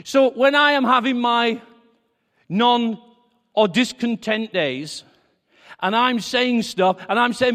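A male preacher delivering a conversational sermon, acting out quoted dialogue with animated swings. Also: extremely high pitch, slow, pauses often. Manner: lively, conversational, acts out quotes. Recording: reverberant hall.

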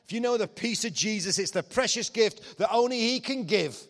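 A man preaching a lively, joking sermon to a church congregation, his voice often rising to shouts of excitement. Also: high-pitched, normal speed. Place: church hall. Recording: long hall reverb.

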